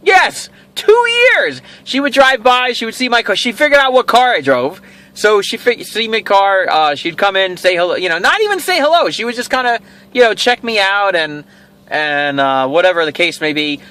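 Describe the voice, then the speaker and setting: A man's voice: high voice, a little fast, smooth. A middle-aged man hosting a casual video, rambling through a personal story and acting out what each person said. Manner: rambling, animated, acts out quoted dialogue. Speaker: toy show host.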